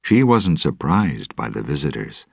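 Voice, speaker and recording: A male narrator reading a storybook at a steady, deliberate pace. His voice is extremely deep, slow and husky, recorded dry and close. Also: no echo.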